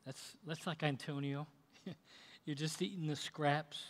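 A man preaching a sermon, impassioned, swelling and then dropping to a hush. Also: on the high side, fairly even intonation, slow. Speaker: pastor. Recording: long reverb in a large hall.

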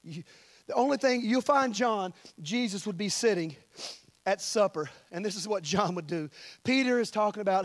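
A man's voice: high-pitched, expressive, brisk. A man preaching a sermon as pastor, in an impassioned, colloquial style.

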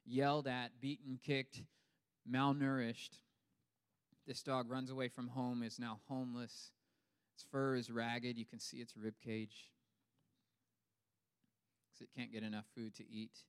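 A male pastor delivering a lively sermon with humor, building up for emphasis and then dropping low and quiet. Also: clean tone. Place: church hall. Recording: long hall reverb.

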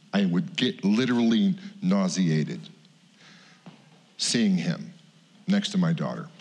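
In a sermon echoing with long hall reverb, a middle-aged pastor shares a personal story openly and confessionally, voicing other people's quotes. He speaks low, with a darkish tone and a breathy edge.

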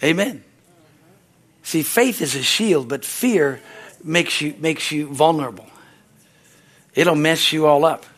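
A man preaches a sermon in an easy, conversational way, his voice sitting a little high. He keeps checking in with the congregation for an amen and acts out the quoted voices in his stories. His voice swells loud at the peaks and falls soft for the quiet points. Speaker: pastor.

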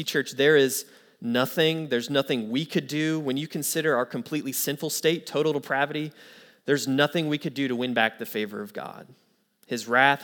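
In his sermon to the church, a pastor with a mid-range, somewhat bright voice relates an anecdote, voicing the characters in it. He then shifts into earnest preaching to press the message home.

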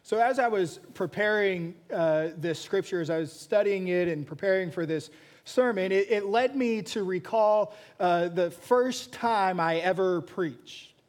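A pastor preaching a sermon, telling a story with frequent restarts and repeated words. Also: male voice, high-pitched, a little slow.

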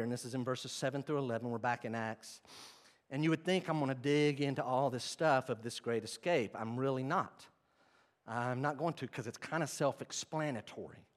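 A middle-aged pastor delivers a sermon in a fairly high male voice. He swings from loud, emphatic bursts down to quiet, low-voiced passages.

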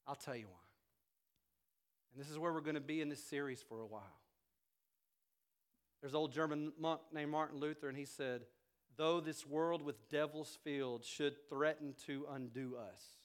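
A male pastor preaching a sermon to his church, swinging from loud, emphatic climaxes down to quiet, intimate passages. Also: a little high, steady tone, moderate pace, pauses often, clear, resonant tone. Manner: rises to loud emphatic preaching, then drops soft.

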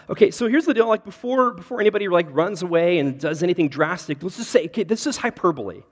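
A man preaching a sermon as pastor, conversational and animated, talking directly to his congregation. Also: high voice, fast talker, few pauses. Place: large hall with congregation. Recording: reverberant hall.

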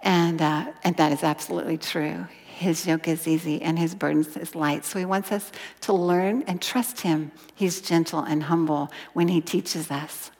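A woman teaching a Bible lesson in an expressive sermon style, sometimes dropping to a whisper for emphasis. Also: deep voice. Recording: long hall reverb.

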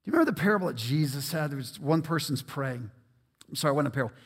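A man's voice: fairly high pitch, expressive, rapid-fire, slightly rough. A man preaching a sermon as pastor, earnest and emphatic, often repeating words as he works toward a point. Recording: long reverb of a large hall.

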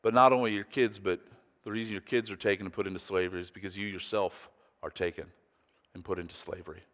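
A man's voice: deep voice, steady tone, quick pace, a bit bright, big-room sound. A man preaching a sermon in an earnest, emphatic way, putting pointed questions to his listeners. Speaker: pastor.

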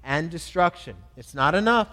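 Guy pastor giving a sermon, earnest, kinda high voice, big echoey hall. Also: expressive, moderate pace. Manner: earnest preaching, swells loud on pleas.

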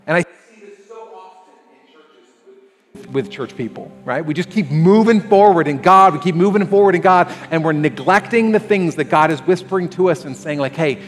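A man preaching a sermon as pastor, animated and acting out little scenes for the congregation. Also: fairly high pitch, moderate pace, long pauses. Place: church sanctuary. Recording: long hall reverb with faint music.

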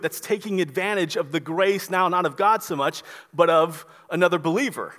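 A man preaching a sermon as pastor, emphatic and repetitive, dropping soft on key words. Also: high voice, expressive, normal speed, big-room sound.

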